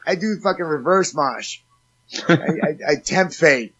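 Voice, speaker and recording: Male guest, salty and rambling raconteur; slightly high voice on dull, low-fi audio. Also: measured pace, fairly bright tone. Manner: profane, rambling storyteller. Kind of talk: casual chat.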